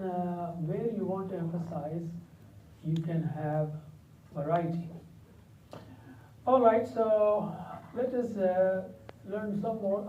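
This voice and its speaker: A male Arabic teacher leading a classroom lesson, patiently repeating words slowly and quizzing his students. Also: high voice, mellow, a little hiss or hum. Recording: echoey dull room sound from a distance.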